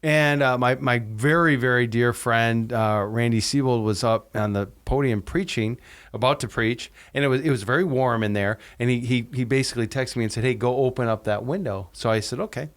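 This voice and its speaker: A man's voice: mid-range voice, moderate pace. A middle-aged man co-hosting a podcast, telling stories in a casual chat and animatedly acting out other people's lines. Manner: animated storyteller, acts out quoted voices. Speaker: podcast co-host.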